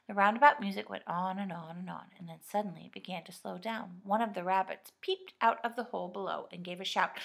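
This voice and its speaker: A woman reading a children's storybook aloud in a lively, expressive way. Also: medium pitch, brisk, gravelly. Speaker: reader. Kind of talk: storybook narration.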